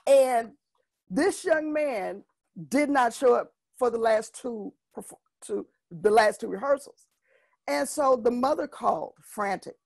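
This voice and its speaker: A middle-aged woman teaches singers in an animated workshop talk, slipping into the voices of students and parents as she tells her stories. Her voice is gravelly and husky, and sits a little high for a woman. It is recorded close and dry, with no room sound. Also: a little slow, no room sound. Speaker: vocal music educator.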